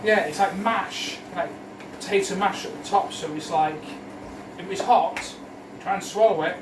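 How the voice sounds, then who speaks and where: A man's voice: sits high, moderate pace, noisy background. A young man cooking with a friend at home, chatting crudely and joking, heard in an echoey kitchen from some distance. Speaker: co-host. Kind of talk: casual chat while cooking.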